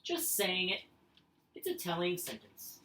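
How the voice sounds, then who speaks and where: A woman's voice: lowish voice, huge pitch swings, unhurried, pushed and bright, slight background noise. A woman teacher giving a recorded lesson, patient and sing-song, reading example sentences aloud with exaggerated expression. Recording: echoey room.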